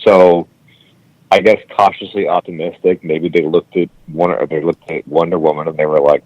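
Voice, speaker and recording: A man's voice: very deep voice, little pitch movement, a little fast, darkish tone, no echo, lo-fi sound. A man co-hosting a casual podcast, blunt and opinionated, swearing as he argues his points. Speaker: podcast co-host. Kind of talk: casual chat.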